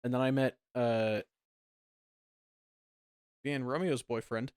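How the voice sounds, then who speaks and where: A man's voice: medium pitch, slow pace, clean tone, no echo, clean studio sound. A man, a podcast co-host, telling stories in casual chat and laughing often. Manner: animated storytelling, laughs often.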